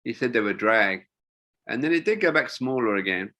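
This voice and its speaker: Chatty older man, bright voice. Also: mid-range voice, animated, normal speed. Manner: rambling, chatty, with many fillers and restarts. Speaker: wingsuit designer guest. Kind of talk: casual interview storytelling.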